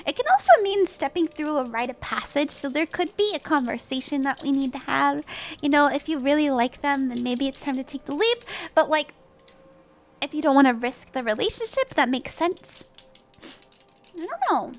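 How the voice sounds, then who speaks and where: A woman's voice: sits high, lively intonation, moderate pace. A woman hosting a livestream, giving casual tarot readings in an upbeat, chatty way, with frequent laughs and lots of "like" and "you know". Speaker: tarot reader and stream host.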